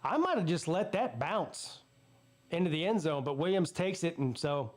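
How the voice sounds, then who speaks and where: Fired-up, high-voiced man calling plays. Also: sing-song, moderate pace. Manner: blunt, fired-up and profane; running play-by-play between rants. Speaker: sports channel host. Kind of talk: live watch-party commentary.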